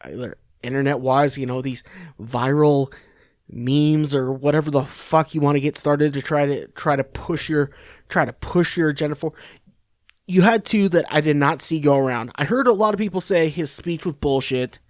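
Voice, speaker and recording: A man's voice: fairly high pitch, normal speed, no echo, clean studio sound. A man hosting a podcast, giving rambling, sarcastic political commentary full of swearing and restarts. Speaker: podcast host.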